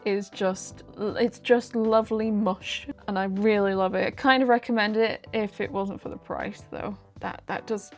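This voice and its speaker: A chatty young woman talks through a haul in a loose, rambling way, often laughing at herself. Her voice sits at a middle pitch, with faint music playing behind her. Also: fairly even intonation, unhurried, hardly any pauses. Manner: chatty, self-deprecating, rambling asides. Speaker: vlogger. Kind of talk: casual haul vlog.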